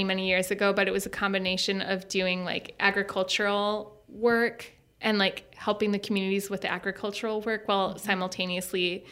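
A young woman from Minnesota with a Minnesota accent, a podcast guest telling stories in casual chat, full of fillers. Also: mid-range voice. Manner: chatty, animated storytelling with many fillers.

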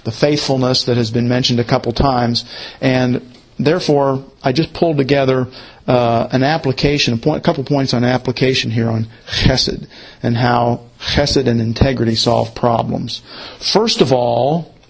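A man teaching a Bible study lesson, who repeats his key points slowly, as if for note-taking. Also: mid-range voice, fairly even intonation, husky.

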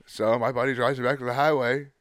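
A man's voice: mid-range voice, fairly even intonation, fast, a bit bright, no room sound, studio quality. A man co-hosting a podcast, telling a story in a laid-back, swear-filled way and acting out what people said. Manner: laid-back, swears a lot, acts out quotes. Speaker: podcast co-host. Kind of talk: casual storytelling.

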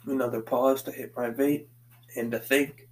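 A man's voice: medium pitch, flat delivery, moderate pace, darkish tone, poor audio. A man from the Boston area hosting a casual solo podcast from his basement, rambling from thought to thought and swearing constantly as he paces back and forth. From Boston area, USA. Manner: profane, meandering, swears constantly. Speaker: podcast host.

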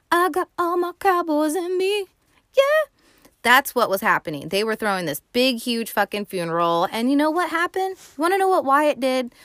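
Brief: female host, casual film recap, lively and profane, dead-dry recording. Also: fairly low pitch, no echo. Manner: animated, profane and slangy. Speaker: movie podcast host.

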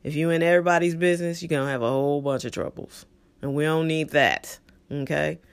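A man's voice: a little high, steady tone, fairly quick, vocal fry, clean tone. A middle-aged man hosting his own podcast, talking casually and with opinions, using lots of fillers and asides. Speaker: podcast host. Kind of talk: casual solo podcast talk.

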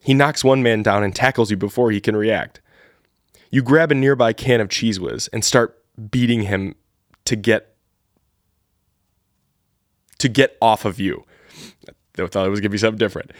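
A man's voice: lowish voice, moderate pace, long pauses, no room sound, studio quality. A man casually reading an AI-written adventure story live for the first time, laughing at it along the way. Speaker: storyteller and host.

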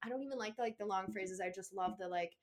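A woman's voice: mid-range voice, fast. Woman reading slang on a chatty podcast. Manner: reads slang terms aloud, laughing. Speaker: podcast co-host. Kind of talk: casual chat.

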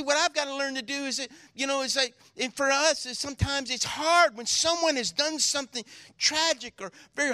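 With a very high voice, a man preaches a sermon as pastor. He brings the congregation in through call-and-response and shifts between solemn, quiet readings and loud, excited preaching.

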